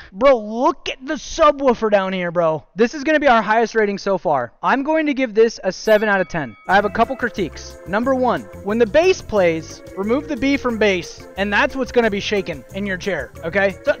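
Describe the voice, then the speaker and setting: A young man streaming, giving casual joking commentary as he rates viewers' gaming setups, often saying "dude" and "bro". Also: high-pitched. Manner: jokey, animated, says "dude" and "bro" a lot.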